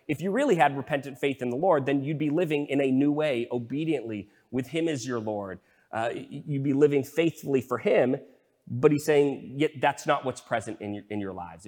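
A man's voice: medium pitch, darkish tone, long reverb tail. A male pastor giving a casual, conversational sermon, full of fillers and restarts as he explains a Bible passage.

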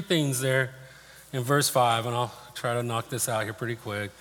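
A male pastor delivers a sermon in a plain-spoken, personal manner, weaving in stories from his own life. His mid-pitched voice rings out with a long reverb tail from a large hall. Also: fairly even intonation, normal speed, a bit bright.

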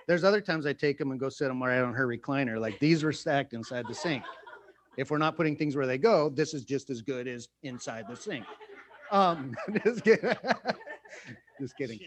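A middle-aged man preaching in a relaxed, conversational way, joking and laughing at himself often. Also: medium pitch, moderate pace, slight background noise. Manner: playful, self-mocking, jokes and laughs often. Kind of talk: conversational sermon.

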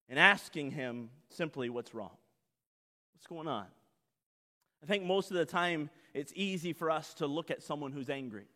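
A man pastor preaching a sermon dramatically, acting out voices and swinging from loud to soft. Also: sits high, big-room sound.

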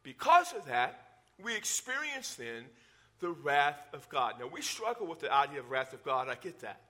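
A middle-aged man with a drawl delivers a teaching sermon. His voice sits a little high and rings bright and forceful, yet he keeps a conversational, explaining tone. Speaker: pastor.

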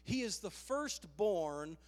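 A man's voice: high voice, sing-song, slow, big-room sound. A male pastor preaching a sermon with emphatic, rallying delivery, calling out "Amen?" to the congregation, slightly out of breath.

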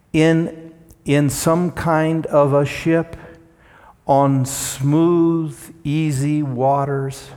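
Slow, emphatic preacher in a reverberant hall. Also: male voice, medium pitch. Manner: slow, emphatic delivery with dramatic swells and quiet drops. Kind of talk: sermon.

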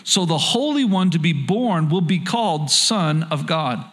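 A man's voice: on the high side, expressive, unhurried, a bit bright. A man preaching a sermon as pastor, earnest and conversational, often repeating words as he reads and explains scripture.

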